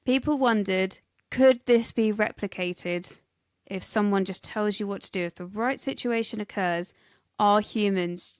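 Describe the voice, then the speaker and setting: A woman's voice: medium pitch, a little slow, smooth, no echo. A British woman co-hosting a history podcast, chatting casually and reading some scripted lines. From Britain. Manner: chatty, giggly, reads scripted bits. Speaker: podcast co-host presenting history. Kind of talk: casual chat.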